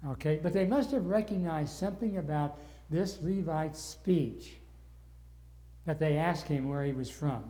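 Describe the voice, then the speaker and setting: Older male Bible study teacher, mellow and slightly high voice, earnest, gets wound up. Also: unhurried. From northern United States.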